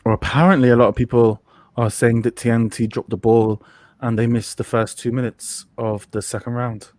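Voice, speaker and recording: A man co-hosting a live fight watch-along, chatting casually and jumping up in pitch when he reacts. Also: flat delivery, moderate pace, a little mellow, no echo. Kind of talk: casual live commentary chat.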